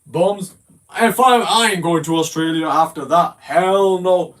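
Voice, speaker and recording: Profane, mocking man in a voice chat, high voice, loud and insulting. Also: measured pace. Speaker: gamer in a voice call. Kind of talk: casual trash talk.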